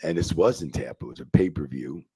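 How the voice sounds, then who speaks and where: A man who is a former wrestling referee, telling profane, animated backstage stories in a casual interview and acting out the quotes. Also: a bass voice, fast talker, slightly rough, no echo. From New Jersey.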